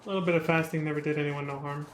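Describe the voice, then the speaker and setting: A young man chatting casually on a live stream, self-mocking and quick to laugh at himself. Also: on the high side, little pitch movement, a little hiss or hum.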